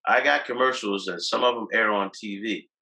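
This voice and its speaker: A man's voice: lowish voice, fairly quick, creaky, pushed and bright, poor audio. A man telling loose, boastful stories as a guest on a video call, restarting his sentences often. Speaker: guest, cannabis activist. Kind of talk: casual interview talk.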